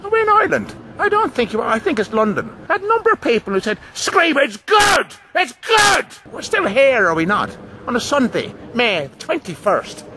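A man's voice: very high voice, sing-song, a little fast, sharp tone, a little hiss or hum. A man hosting a casual vlog outdoors in a park, with a theatrical, sing-song delivery. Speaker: vlogger host.

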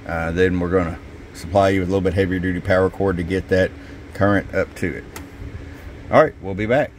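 A man with a slightly hoarse voice, casually walking through a demo at his radio workbench, dropping in fillers and a tag of "okay?". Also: low voice, steady tone, fairly quick, a little hiss or hum. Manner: casual, folksy, drops in "okay?" and "uh". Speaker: CB radio shop technician. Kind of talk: casual product demo narration.

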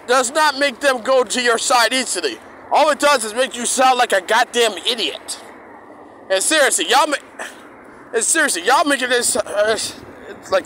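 A man's voice: very high-pitched, bright, forceful tone, a little hiss or hum. A man delivering a heated, profane rant to his viewers, repeating himself and restarting his sentences often. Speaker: streamer ranting to his audience.

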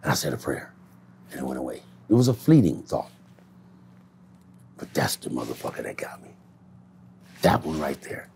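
A man in a candid street interview, speaking in a low-key, reflective way and swearing freely. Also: big pitch swings, normal speed, vocal fry, pauses often, a little mellow, slight background noise.

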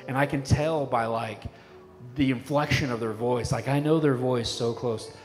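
A middle-aged pastor preaches in a casual, conversational way, dropping "like" and "you know" as he goes. His mid-pitched voice carries a long church reverb, with faint worship music underneath. It sounds like a live sermon recorded in the sanctuary. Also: fairly even intonation, moderate pace. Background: faint worship band music.

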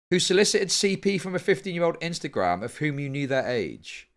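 A man's voice: on the high side, sing-song, a little fast. Heated man arguing with chat. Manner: argumentative, heated, swears often. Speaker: streamer. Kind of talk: live stream commentary.

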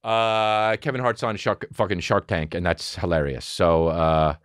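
A man's voice: low voice, unhurried, dry recording, studio quality. Rambling, profane male podcast host. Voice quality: rambling, profane, animated storytelling. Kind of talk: casual monologue.

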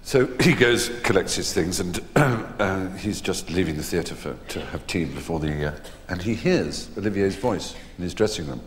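Middle-aged english guy rambling thru stage stories, low voice, big echoey hall. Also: expressive, normal speed, hardly any pauses. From England. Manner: rambling, hesitant storytelling with many fillers. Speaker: guest performer. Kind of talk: anecdotes before a live audience. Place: theatre stage. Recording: echoey hall, faint noise.

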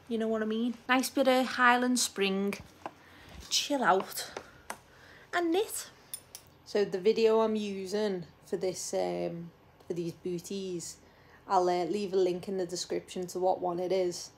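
A woman's voice: mid-range voice, moderate pace, slight background noise. A young woman, a new mum, chatting casually to her vlog camera at home, giggly and dropping the odd mild swear. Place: at home indoors.

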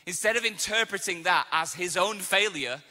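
A man preaching a sermon as pastor, telling stories with casual asides and lively acted quotes. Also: sits high, normal speed, big-room sound. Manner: animated storytelling, casual asides. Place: church auditorium.

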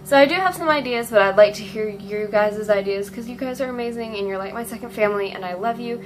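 A woman's voice: a little high, fast, slight background noise, poor audio. A teenage girl vlogging casually, rambling and gushing with lots of ums. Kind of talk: casual fan vlog.

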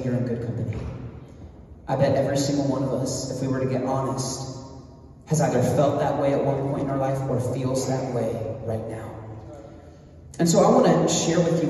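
A man in his thirties delivers a passionate sermon, his voice pitched high yet mellow. He is heard from a distance, with a long hall reverb filling the church. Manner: impassioned preaching with rising emphatic lines. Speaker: pastor. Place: large church sanctuary. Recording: far-off voice in echoey hall.

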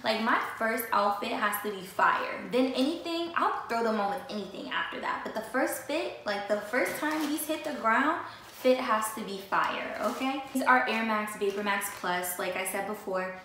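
A young woman with a fairly high voice chats excitedly, addressing her viewers directly as she shows off her sneakers. Her voice rings through a very echoey room. A faint hiss of noise sits under the recording. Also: normal speed. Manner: chatty, animated, talks straight to viewers. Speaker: vlogger. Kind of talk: casual sneaker haul chat.

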